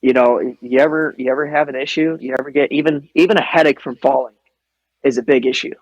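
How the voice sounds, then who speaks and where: A man's voice: mid-range voice, fairly even intonation, fast talker, low-quality recording. A young man hosting a podcast, talking in an earnest, profane and digressive way. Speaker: podcast host. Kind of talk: casual chat.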